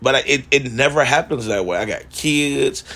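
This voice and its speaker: A man's voice: medium pitch, normal speed, fairly bright tone. A man talking candidly in a rambling, profane personal monologue.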